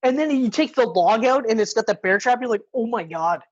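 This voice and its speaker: Her voice is fairly high and she talks fast, captured in lo-fi sound. As one of a podcast's co-hosts, she animatedly retells movie scenes during a casual review, profanity flowing as she acts out what the characters say.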